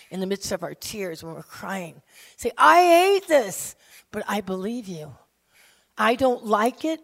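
A woman preaches with strong emotion, dropping to near-whispers and then rising to loud, emphatic lines. Her voice sits in an ordinary middle pitch. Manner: emotive, swings from soft hushed lines to loud emphatic ones. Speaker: women's ministry speaker. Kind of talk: sermon.

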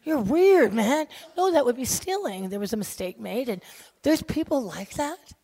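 A woman preacher delivers a sermon in a fairly high voice, moving from bursts of loud excitement to hushed, earnest stretches. She tells stories with energy and briefly acts out the people in them. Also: moderate pace. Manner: animated storytelling, swinging from loud excitement to quiet intensity.

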